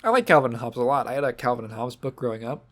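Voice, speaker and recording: Podcast host, male, mid-pitched, emotional and halting, holding back tears. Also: big pitch swings, a bit bright. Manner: halting, sentimental, restarts often; choked up, fighting back tears. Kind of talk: casual podcast monologue.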